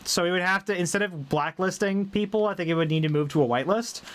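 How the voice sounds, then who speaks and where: A man's voice: high-pitched, fast, a bit bright. A young man from British Columbia with a neutral General American accent, chatting casually on a live stream, rambling and correcting himself. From Canada (British Columbia). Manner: rambling, self-correcting, reading chat aloud.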